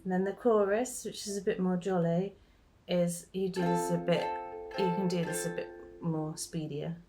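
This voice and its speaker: A woman's voice: lowish voice, fairly even intonation, normal speed, music in the background. A woman giving a casual ukulele chord tutorial, chatting, joking at her own mistakes and singing lines of the song as she plays. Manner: chatty, self-deprecating, breaks into sung lines. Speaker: ukulele teacher. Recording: ukulele strummed behind voice.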